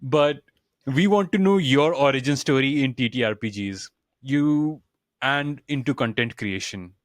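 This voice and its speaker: A man's voice: medium pitch, measured pace, dry recording, clean studio sound. A man with an Indian accent, co-hosting a podcast in a friendly, chatty and self-deprecating way. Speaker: podcast co-host. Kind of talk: casual podcast interview.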